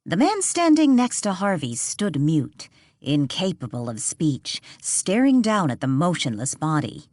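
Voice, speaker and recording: A woman reading a mystery audiobook as narrator, in a measured, suspenseful way. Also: deep voice, sing-song, darkish tone, dry recording, studio quality. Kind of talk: storybook narration.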